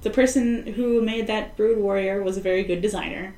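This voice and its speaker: A woman's voice: mid-range voice, fairly even intonation, fairly quick, dark tone, reverberant. A woman co-hosting a podcast in casual chat, rambling and sardonic, often acting out the people she quotes. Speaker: podcast co-host.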